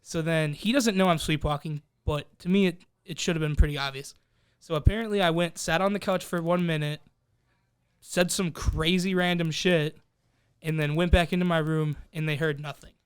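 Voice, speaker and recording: A man's voice: on the high side, moderate pace, smooth, no room sound, studio quality. Profane young man telling a wild story. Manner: profane, animated, acts out quoted voices. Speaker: podcast co-host. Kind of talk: casual storytelling among friends.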